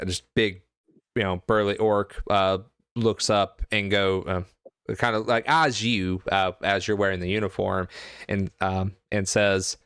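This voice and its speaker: A man narrating a tabletop game as game master, halting with many fillers and restarts. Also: lowish voice, a bit bright, clean tone, dry recording, studio quality.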